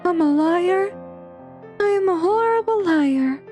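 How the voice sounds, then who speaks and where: Woman doing a tearful teenage girl, very high voice, slow, faint music. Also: lively intonation, exaggerated voice. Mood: sad, tearful. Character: despairing teenage girl, tearful and self-doubting. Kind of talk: reading a visual novel aloud.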